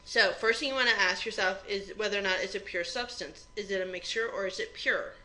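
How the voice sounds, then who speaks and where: A woman with a medium-pitched, sharp voice speaks fairly quickly in a low-quality recording. She's a chemistry instructor giving a recorded exam review lecture, walking through it step by step in a plain, conversational way.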